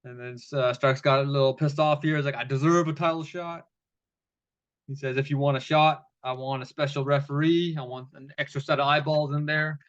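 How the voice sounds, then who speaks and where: A man's voice: on the high side, fairly even intonation, brisk, fairly bright tone, clean tone, highs cut off. Profane, rambling male wrestling reviewer. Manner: loose, rambling, profane, with laughs. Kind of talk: casual recap commentary.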